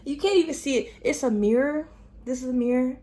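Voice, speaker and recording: A young woman unboxing gifts in a casual vlog, excited and emotional, gasping at each gift. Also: sits high, a little fast. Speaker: vlogger. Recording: roomy, from far off the mic, faint noise.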